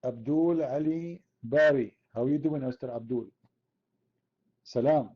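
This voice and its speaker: A man's voice: mid-range voice, unhurried, dull audio. A man from the Middle East, hosting an online chat room debate in a sarcastic, mocking, argumentative way. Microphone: computer mic.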